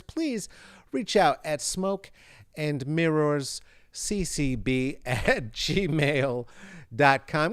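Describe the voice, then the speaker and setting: A man signs off his podcast in a rambling, joking way, swearing freely. His fairly high voice swings about animatedly. The sound is close and dry. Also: clean tone, no echo. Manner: rambling, jokey, swears often. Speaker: podcast host. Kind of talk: comedic podcast sign-off.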